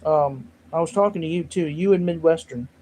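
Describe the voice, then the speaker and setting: A man talks loosely to his livestream audience, his voice sitting a little high for a man. He rambles, jokes at his own expense and answers the chat as he goes. A faint hiss sits under the recording. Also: fairly quick, darkish tone, rough recording. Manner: rambling, self-mocking, reads chat aloud. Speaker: livestream host.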